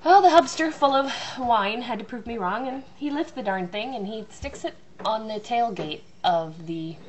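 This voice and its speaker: A woman's voice: on the high side, animated, moderate pace, background noise. A woman telling a long, rambling, self-mocking story about her family at home. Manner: chatty, self-mocking, acts out loud voices.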